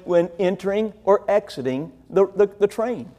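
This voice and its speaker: A man's voice: sits high, animated, moderate pace, few pauses, dark tone. A middle-aged man from rural Illinois preaching a sermon, telling a long family story in a folksy, rambling, self-deprecating way. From rural Illinois, USA. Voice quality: deaf in one ear. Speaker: pastor.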